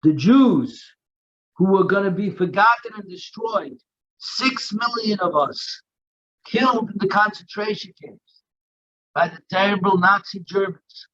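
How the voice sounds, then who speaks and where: High bright-voiced man teaching Talmud. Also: unhurried, highs cut off. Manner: chants Aramaic then explains in English. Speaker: rabbi teaching daily Talmud class. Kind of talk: Talmud lesson, reading and translating.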